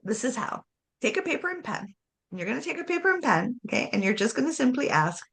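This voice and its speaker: A woman chatting casually about spirituality, animated, laughing often and acting out voices. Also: on the high side, fast talker, vocal fry.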